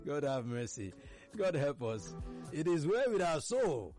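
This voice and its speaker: Nigerian man, talk show host, animated pitch, chatty and laughing, faint music under. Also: measured pace. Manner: chatty, laughs while telling stories, mimics others. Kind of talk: casual commentary on current affairs.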